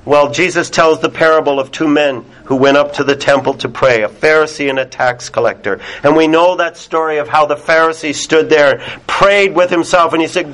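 A man preaching a sermon to a small church congregation, deliberate and emphatic, dropping very soft on key words. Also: a little high.

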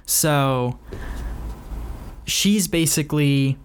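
A man's voice: fairly high pitch, very slow, clean tone. A man hosting a podcast, chatting casually and hesitantly about his writing, with frequent ums. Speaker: podcast host and author. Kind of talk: casual chat.

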